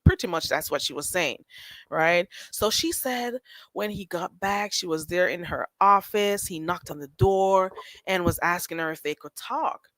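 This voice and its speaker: A woman's voice: lowish voice, unhurried, a bit bright, no echo, poor audio. A woman, nasal and congested, casually telling a gossip story to her livestream chat with many restarts and asides. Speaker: livestream host.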